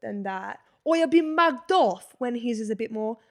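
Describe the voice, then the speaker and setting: Young woman, podcast co-host, playful teasing banter, slightly high pitch. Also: animated, brisk, creaky, warm tone. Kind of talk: casual chat.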